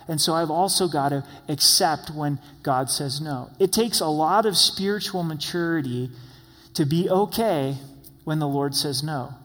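Earnest male pastor preaching in a hall. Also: on the high side. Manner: earnest preaching with acted-out quoted prayers. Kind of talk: sermon. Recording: long reverb of a large hall.

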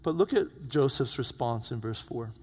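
A male pastor preaching a sermon, retelling a story dramatically and dropping to hushed tones for emphasis. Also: medium pitch, lively intonation, normal speed. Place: church. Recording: long reverb of a church hall.

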